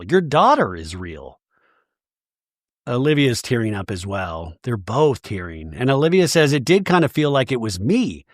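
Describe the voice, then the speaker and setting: Man, podcast host, casual recap chat, animated, very expressive pitch. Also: no room sound, studio quality. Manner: animated, acts out quoted lines.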